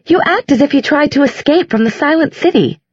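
Woman doing a fired-up teen girl, high pitched protests, husky. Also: expressive, a little fast, a little mellow, dry recording, dull audio. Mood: indignant. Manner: indignant, pleading. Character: defiant indignant teenage girl.

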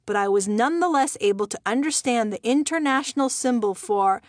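A woman's voice: fairly high pitch, expressive, fairly quick, no echo. Wry woman reading her memoir. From Iran. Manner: wry, dry humor. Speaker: memoir narrator. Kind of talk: audiobook memoir narration.

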